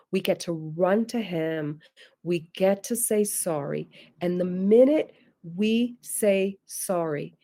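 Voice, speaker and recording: A middle-aged woman speaking to parents in an earnest, faith-based talk, her voice low and gravelly with a mellow, dark tone. She turns to her listeners as "guys" and slips into soft, gentle lines a parent might say to a child. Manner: acts out soft, warm parent-to-child apologies. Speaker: parenting webinar presenter.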